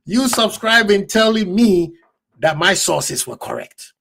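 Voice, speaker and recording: A man hosting a football fan live stream, talking casually and excitedly to his chat, laughing often. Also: high voice, unhurried, creaky.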